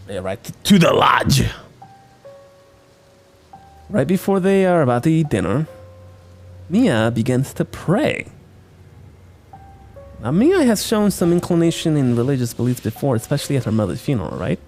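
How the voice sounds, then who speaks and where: A man's voice: mid-range voice, sing-song, a little slow, pauses often, soft background music. Wisecracking man recapping a movie. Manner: loose, profane, wisecracking. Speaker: podcast host, film reviewer.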